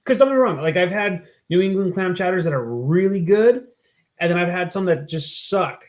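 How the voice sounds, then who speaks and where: A man's voice: high voice, animated, moderate pace. A man co-hosting a podcast, talking in a laid-back, rambling way with lots of "like" and "you know". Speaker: podcast co-host. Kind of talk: casual chat.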